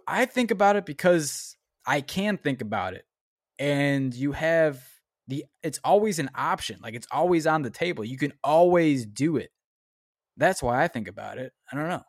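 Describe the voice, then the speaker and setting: A man's voice: mid-range voice, dry recording, studio quality. A man hosting a solo podcast, thinking aloud in a rambling, profane way and reading search results aloud. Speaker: podcast host. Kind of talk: casual solo podcast talk.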